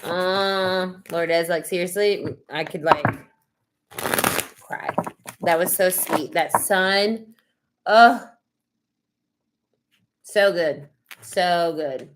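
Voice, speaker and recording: A woman's voice: fairly low pitch, extremely slow, pauses often, heavy background noise. A woman giving casual tarot readings on a live stream, chatty and effusive, with lots of fillers. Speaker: tarot reader hosting live sessions.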